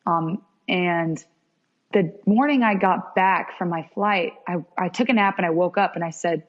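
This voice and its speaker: A woman's voice: fairly low pitch, moderate pace. A young woman, a podcast guest, telling stories in a casual interview and acting out the dialogue. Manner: animated, acts out quoted dialogue. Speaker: podcast guest, former pro soccer goalkeeper. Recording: dull lo-fi podcast audio.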